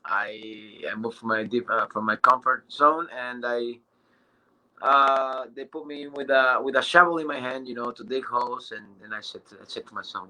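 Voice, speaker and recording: Bright-toned man, hesitant and rambling. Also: medium pitch, moderate pace. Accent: Spanish. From Quebec, Canada. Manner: rambling, hesitant, many fillers and restarts. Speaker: new business member. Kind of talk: casual testimonial on a group call.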